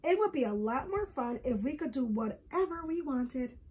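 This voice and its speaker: Woman reading a young schoolboy, eager, plaintive, high, lively. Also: moderate pace, slightly rough. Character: excited young schoolboy who dislikes rules.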